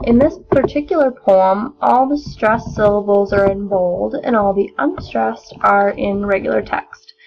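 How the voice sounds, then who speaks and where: A young woman giving a measured, explanatory spoken analysis of a poem as a lesson. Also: a little high, vocal fry. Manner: measured, explanatory, occasional restarts. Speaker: student presenter. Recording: dull lo-fi recording.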